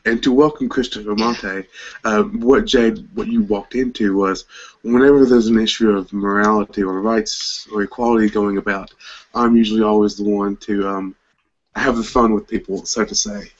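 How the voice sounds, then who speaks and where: A man speaking in a relaxed, somewhat hesitant way in a casual online group discussion. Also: on the low side, moderate pace. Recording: lo-fi online call audio.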